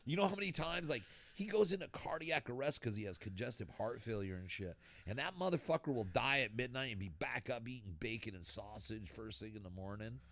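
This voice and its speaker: A man's voice: mid-range voice, lively intonation, fairly quick, few pauses, sharp tone. Profane, laughing man with a rural New England accent. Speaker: podcast host. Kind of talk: casual chat.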